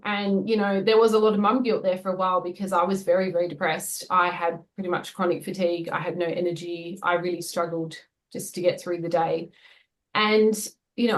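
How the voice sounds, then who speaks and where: A woman's voice: medium pitch, poor audio. A woman with an Australian accent, co-hosting an interview and speaking candidly and personally in casual conversation. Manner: candid, personal, laughs easily. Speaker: co-host interviewer.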